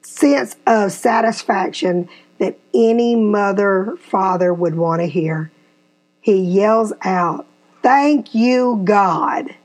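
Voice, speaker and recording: A woman's voice: medium pitch, takes it slowly. A woman, hosting a podcast and animatedly telling a family story. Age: 50s. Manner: animated storyteller, acts out quotes. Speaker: podcast host. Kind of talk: casual storytelling chat.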